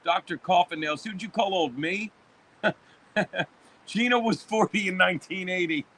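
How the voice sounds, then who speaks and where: High, bright-voiced profane man in his fifties. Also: unhurried, slight background noise. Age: 50s. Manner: profane, rambling sports rant. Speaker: livestream host reading chat. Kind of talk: casual livestream chat.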